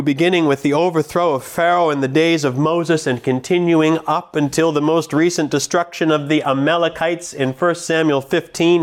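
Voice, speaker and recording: A man preaching a sermon, reading scripture slowly and with emphasis, then explaining it to the congregation. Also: fairly high pitch.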